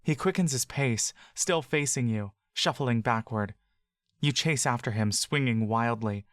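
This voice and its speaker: Man narrating a fantasy audiobook, middle-pitched, calm and steady, dry close mic. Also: a little slow, no echo. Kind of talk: second-person fantasy story narration.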